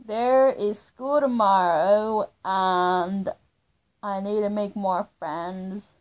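A young woman vlogging from home in the dark, melodramatic, swinging between yelling and flat mumbling. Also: mid-range voice, very slow. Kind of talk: casual home vlog.

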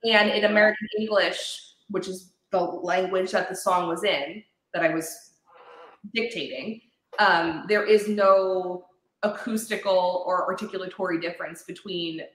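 A woman's voice: on the low side, steady tone, unhurried. A woman guest, a speech-language pathologist, explaining language at length in a casual chat with some fillers. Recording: roomy echo.

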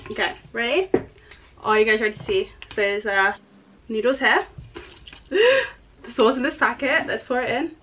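A woman's voice: fairly high pitch, fairly quick. Bubbly young woman vlogging. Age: young adult. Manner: bubbly, excitable, giggly. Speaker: YouTuber. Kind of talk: casual vlog chat. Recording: faint background noise.

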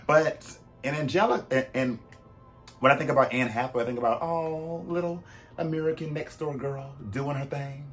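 A man hosting a vlog in casual, chatty commentary. He talks animatedly, with swooping pitch, sudden loud bursts and frequent fillers. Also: steady tone, normal speed, soft background music. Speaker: vlog host.

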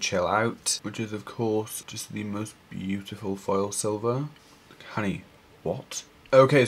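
A young Welsh man with a Welsh accent, casually talking through eyeshadow shades and a makeup tutorial, chatty and gushing with lots of fillers. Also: on the low side. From Wales. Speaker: makeup artist.

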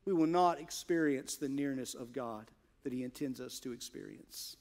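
A male pastor with a creaky mid-range voice preaches a sermon in church at normal speed. He's earnest, shifting from hushed asides to emphatic, stressed points.

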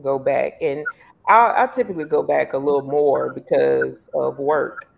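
A woman on a casual panel who talks in a relaxed, agreeable way with casual slang. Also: rumbling low, moderate pace, gravelly, muffled recording.

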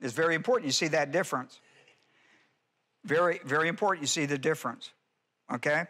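Male pastor, bright and forceful tone, emphatic teaching sermon heavy on grammar explanations. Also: a little high, a little fast. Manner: emphatic, rhetorical questions, explains Greek grammar. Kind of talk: expository Bible teaching sermon.

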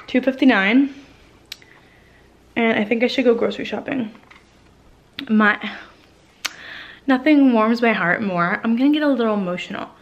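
A woman's voice: a little high, dull audio. Chatty, breathless young woman vlogging at home. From New Jersey. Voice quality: frequent "like" fillers, swearing, emotional. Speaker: lifestyle vlogger. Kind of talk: casual chatty vlog monologue. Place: home living room.

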